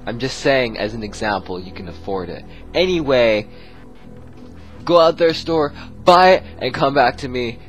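A man's voice: medium pitch, lively intonation, normal speed. A young man talks through his gameplay in a rambling, goofy manner, addressing his viewers directly. His mid-range voice swings up and down a lot as he jokes. Game music plays faintly beneath him. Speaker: gaming video host. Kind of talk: let's play commentary.

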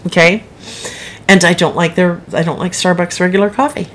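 A woman's voice: on the low side, steady tone, fast talker, slight background noise. A middle-aged woman author hosting a live broadcast, chatting frankly and rambling into asides with her viewers. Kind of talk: casual livestream chat.

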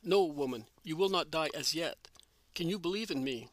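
A man reading a calm, gentle male teacher. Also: on the high side, normal speed, no echo, natural voice. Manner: calm, solemn, kindly.

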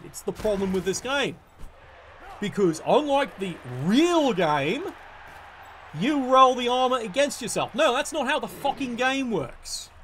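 A man's voice: very high-pitched, a bit bright, slight background noise. A man commenting on his own video game match, swearing often and sounding exasperated and sarcastic. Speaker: gaming streamer. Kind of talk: ranting live game commentary.

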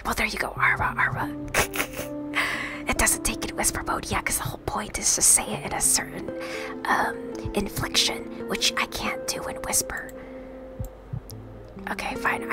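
A woman streamer in whispered role-play, reading game dialogue aloud and answering chat in a whisper. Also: mid-range voice. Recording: music playing behind the whisper.

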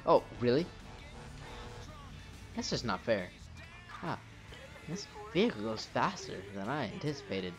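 Excitable young man narrating his gameplay. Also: medium pitch, measured pace, long pauses. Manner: excitable, swears at the game, narrates his own moves. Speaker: gameplay commentator. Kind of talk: casual let's-play commentary. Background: game music.

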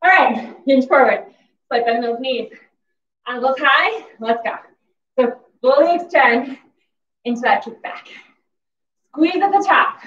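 Winded lady coaching a hiit class, peppy whoops, high voice, kinda dull muffled gym audio. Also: measured pace, pauses often. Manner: energetic cheering cues with whoops. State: out of breath. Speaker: fitness instructor. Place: exercise facility gym. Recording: echoey gym from far off, dull sound.

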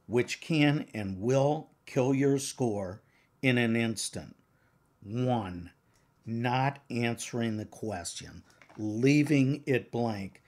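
A man's voice: mid-range voice, darkish tone. An older man, a professor and exam-prep author, lecturing earnestly and emphatically to counseling exam takers.

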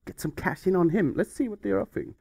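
A man's voice: high-pitched, quick pace, creaky, darkish tone, dry recording, clean studio sound. A man hosting a comedic game playthrough, playful and mock-flustered as he rambles along. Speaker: YouTube gaming host.

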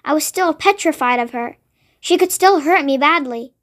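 A woman voicing a gentle, kind young woman teacher in a storybook, soft-spoken. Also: sits high, moderate pace. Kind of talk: read-aloud storybook acting.

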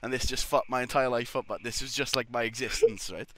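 A man's voice: medium pitch, steady tone, quick pace, crowd noise. A young man telling a rambling, sweary story in casual chat, often laughing as he goes. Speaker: podcast guest.

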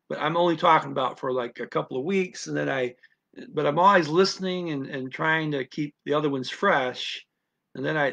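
A man's voice: mid-range voice, vocal fry, a bit bright. A man giving a casual spoken lesson on learning a language, rambling with many restarts.

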